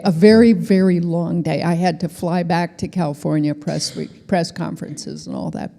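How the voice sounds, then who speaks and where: Woman in her sixties, gravelly and warm, wry storyteller, long hall reverb. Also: fairly low pitch, steady tone, moderate pace, hardly any pauses. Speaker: Nobel laureate guest. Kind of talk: storytelling on stage. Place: lecture hall.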